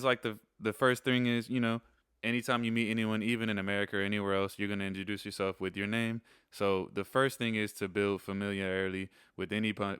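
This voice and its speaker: A young man casually explaining Spanish phrases in a rambling, relaxed way, slowing down when he repeats them. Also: fairly low pitch, smooth, no echo, studio quality. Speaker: host teaching Spanish phrases. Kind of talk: casual instructional video.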